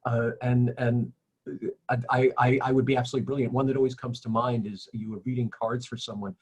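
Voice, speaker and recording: Husky-voiced male host asking halting questions. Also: mid-range voice, flat delivery, darkish tone. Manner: halting, repeats words as he starts his questions. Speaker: interview host. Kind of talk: interview questions.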